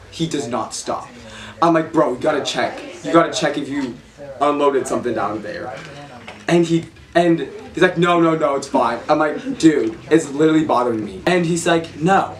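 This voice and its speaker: A man's voice: mid-range voice, roomy sound, far from the mic. A man telling his side of a story in a comic mockumentary interview, indignant and full of slang. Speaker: interviewee in a mock documentary.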